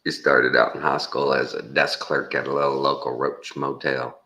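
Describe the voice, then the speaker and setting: A man's voice: rumbling low, level tone, normal speed, vocal fry, pushed and bright. A Texan man in his fifties telling a rambling, folksy story with frequent chuckles. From Texas. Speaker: vlogger. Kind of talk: casual storytelling.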